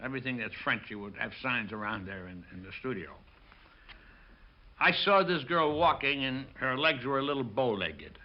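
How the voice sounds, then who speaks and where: A man's voice: mid-range voice, moderate pace. Older man telling film stories, lo-fi. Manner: lively storyteller acting out quotes. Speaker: film director. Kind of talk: interview recollection.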